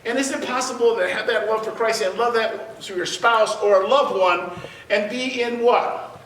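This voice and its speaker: A man teaching a church Bible class. He tells personal stories in an animated way, stammers and restarts, laughs as he talks, and drops his voice low for effect. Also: normal speed. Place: church sanctuary. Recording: roomy church sound picked up from a distance.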